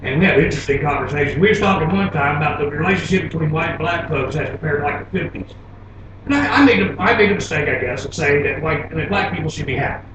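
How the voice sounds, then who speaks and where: A man from Florida doing a stand-up comedy set, telling animated stories and laughing at his own jokes. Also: on the high side, fast. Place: comedy club stage. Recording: very echoey club, taped from far off, noisy.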